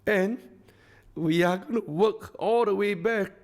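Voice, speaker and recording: High-voiced man giving an effusive stage speech. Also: a little slow. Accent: Singaporean English. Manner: effusive, repetitive, rallying the crowd. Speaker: company founder addressing a masterclass audience. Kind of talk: live stage speech to an audience.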